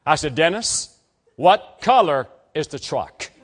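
An older man preaching a sermon to students, telling a story and acting out the dialogue, rising to emphatic peaks and dropping low. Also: big pitch swings, takes it slowly.

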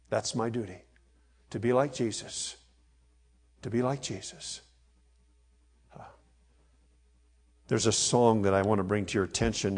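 A man preaching a sermon, leading his congregation in a slow, emphatic reading and swelling loud on key phrases. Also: lowish voice. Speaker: pastor.

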